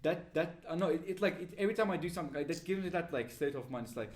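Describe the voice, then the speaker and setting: A man's voice: fairly high pitch, expressive. A teenage boy co-hosting a student podcast, talking earnestly and packing his talk with fillers. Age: teens. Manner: rapid, filler-heavy, earnest. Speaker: podcast co-host. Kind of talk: casual group chat.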